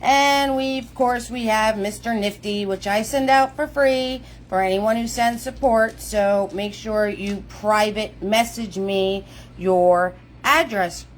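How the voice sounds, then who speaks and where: A woman's voice: medium pitch, slow pace, a little hiss or hum. A woman hosting a live painting class, bubbly and chatty, greeting viewers in a singsong. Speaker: paint party host.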